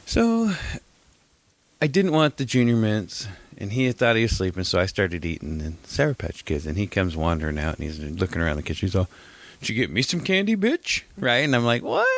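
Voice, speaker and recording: Guy cohosting a podcast, low voice that swings all over, rambly and laughing, dry close mic. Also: expressive, brisk, no room sound. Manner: rambling storyteller, laughs a lot, acts out voices. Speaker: podcast co-host. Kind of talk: casual chat.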